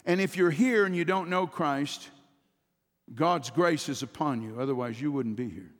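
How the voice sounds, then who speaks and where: Preaching in a church sanctuary, a pastor speaks at a moderate pace in a slightly high, fairly bright voice. He draws his congregation into call-and-response, his delivery rising with emphasis. The recording carries the long reverb of a church hall.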